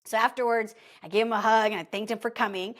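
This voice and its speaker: Chatty woman, pitched a little high. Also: fast. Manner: chatty and animated, full of "like" and "okay?". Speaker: podcast host. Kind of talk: casual motivational monologue.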